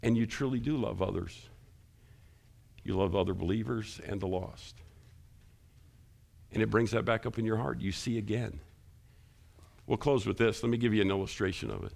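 A man preaching a sermon as pastor, asking the congregation questions and climbing high and loud when he stresses a point. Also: moderate pace, vocal fry, pauses often.

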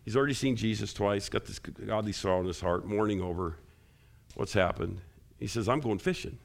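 Man, pastor, sermon, low gravelly voice, questions to the congregation, gets loud and high on key points. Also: fairly quick. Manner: animated preaching, rising loud and high when stressing points.

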